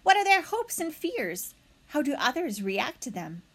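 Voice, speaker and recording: A woman's voice: sits high, sing-song, measured pace, pitched above the performer's own voice, full character voice. Woman playing a showy opossum performer. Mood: theatrical. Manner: dramatic, chatty, self-assured. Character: theatrical female opossum, proud natural performer.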